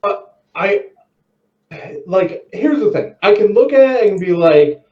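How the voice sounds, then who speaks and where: A middle-aged man tells stories as a podcast guest, his pitch swinging widely as he acts out each quote. He sits back from the mic, so he sounds roomy, distant and a little dull. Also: takes it slowly. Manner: lively storyteller, acts out quotes. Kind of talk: casual chat, storytelling.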